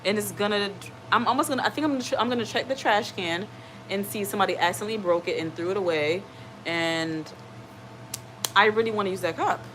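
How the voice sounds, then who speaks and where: This live stream host talks fast in a medium-pitched voice, with background noise behind her. In a casual, rambling way she goes through viewer comments and reassures people, repeatedly asking "okay?".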